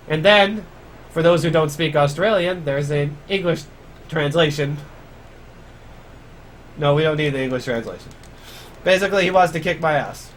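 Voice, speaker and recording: A man's voice: a little high, moderate pace, pauses often, slight background noise. A man giving casual live commentary on his speedrun, chatty and grumbling about mistakes. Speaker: speedrunner streamer.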